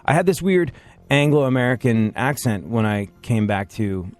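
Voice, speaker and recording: A man's voice: mid-range voice, animated, moderate pace, a little mellow. A man hosting a podcast in casual chat, talking in a wry, rambling, self-deprecating way. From England. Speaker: podcast host.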